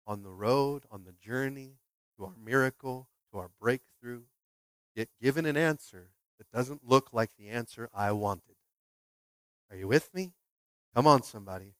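A pastor preaching a lively sermon, acting out scripture characters and often checking in with the congregation. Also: male voice, normal speed, no echo. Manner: animated, acts out Bible characters with big pitch jumps; asks the congregation "are you with me?".

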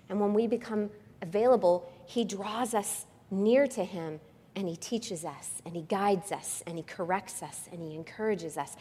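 A woman preaching a sermon with passion, swinging from hushed, quiet passages to loud, lively ones. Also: medium pitch, moderate pace, breathy edge. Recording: long reverb of a large hall.

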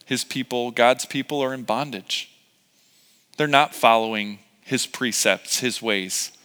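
Man, preacher, animated sermon, smooth resonant voice, long hall echo. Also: medium pitch, a little slow. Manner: animated, acts out scripture characters in casual modern voices. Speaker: pastor.

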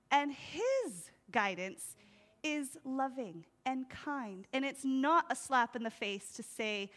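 A woman preaching a sermon in a lively, conversational way, laughing often and acting out voices. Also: high-pitched, a little slow.

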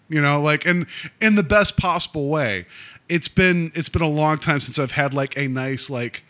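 A man co-hosting a podcast, talking about films in a loose, rambling way, with many restarts, acting out quoted lines. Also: sharp tone. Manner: acts out quoted lines with raised pitch. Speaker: podcast co-host. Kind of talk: casual film discussion.

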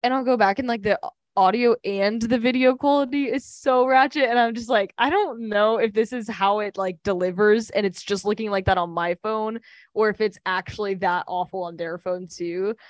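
A woman's voice: medium pitch, fairly even intonation, normal speed, no echo. Chatty young woman podcaster. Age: young adult. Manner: chatty, fillers, laughs often. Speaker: podcast co-host. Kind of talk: casual chat.

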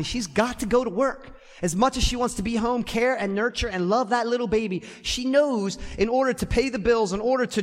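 A man preaching a sermon as pastor in a church, emphatic and repeating key phrases. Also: very high-pitched. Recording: long reverb of a church hall.

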